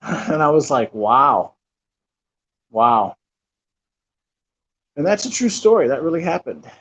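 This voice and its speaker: A man's voice: a little high, lively intonation, a little fast, darkish tone, husky. A man in his thirties telling a personal story in a casual, rambling way, with lots of fillers and restarts. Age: 30s. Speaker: channel host. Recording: dull lo-fi recording.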